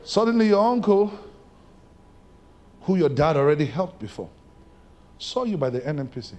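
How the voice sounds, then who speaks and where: A male pastor, preaching a sermon and moving between shouted lines and hushed ones. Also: on the high side, sing-song, moderate pace. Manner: preaching with big swings from shouts to near-whispers.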